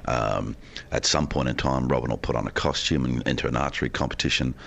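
A man being interviewed on radio from a hotel, telling long relaxed stories about his film work. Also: rumbling low, brisk, vocal fry. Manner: relaxed, expansive storyteller. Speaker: film actor guest. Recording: down the line from a hotel.

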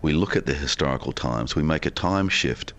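A man being interviewed on radio from a hotel, telling long relaxed stories about his film work. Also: rumbling low, fairly quick, muffled recording. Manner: relaxed, expansive storyteller. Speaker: film actor guest. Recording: down the line from a hotel.

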